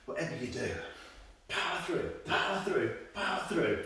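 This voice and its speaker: A man's voice: on the high side, animated, moderate pace, pushed and bright, heavy reverb, distant mic, poor audio. A man leading an exercise class, upbeat and encouraging, counting down reps and cracking self-deprecating jokes. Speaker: fitness instructor. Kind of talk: guided exercise class instruction.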